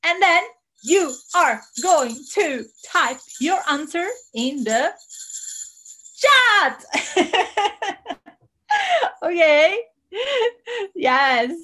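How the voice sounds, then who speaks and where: An Italian woman teaching her language on a live stream, animated and chatty, reading out viewer comments. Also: high voice. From Italy.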